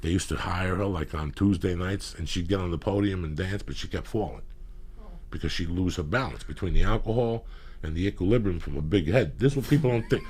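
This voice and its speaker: A man hosting a podcast, telling profane comedic stories in rambling anecdotes with loud bursts of emphasis. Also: low-pitched, a little fast, husky. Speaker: podcast host.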